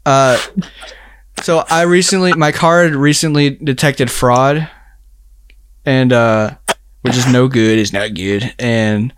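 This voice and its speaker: A young man in a casual chat, telling a story in a rambling way, full of filler words and quick laughs. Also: mid-range voice, steady tone, slight background noise.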